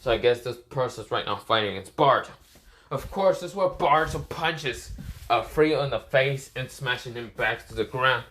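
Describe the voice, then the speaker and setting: A man's voice: mid-range voice, lively intonation, normal speed, fairly bright tone. A man casually telling an improvised fan story, rambling and correcting himself with many fillers.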